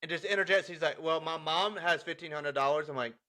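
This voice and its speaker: A young adult man co-hosts a podcast, chatting casually and telling funny stories about his son. His voice is fairly high and fast, and he's animated, laughing often as he acts out the dialogue.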